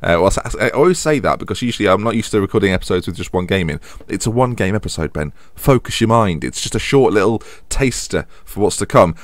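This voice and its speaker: A young man talks through a football management game in a casual, self-deprecating ramble, often scolding himself by name. His voice sits on the low side. The recording is close and dry. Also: lively intonation, fast, hardly any pauses, no room sound. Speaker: game commentator. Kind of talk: casual let's-play commentary.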